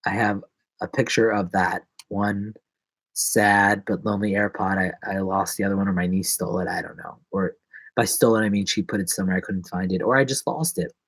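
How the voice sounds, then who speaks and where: A man's voice: on the low side, steady tone, brisk, a bit bright, no echo. A man live-streaming from his apartment, chatting in a rambling, jokey, self-mocking way. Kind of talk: casual live-stream chat. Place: apartment in New York.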